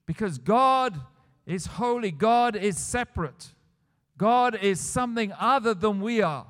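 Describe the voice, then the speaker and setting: A man's voice: sits high, animated, unhurried, a bit bright. A man preaching a sermon, retelling scripture scenes and building to emphatic declarations. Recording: long church hall reverb.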